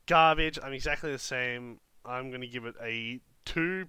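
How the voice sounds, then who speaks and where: A man hosting a casual podcast, upbeat and quick to laugh. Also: mid-range voice, sharp tone, clear, resonant tone, no room sound. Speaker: podcast host.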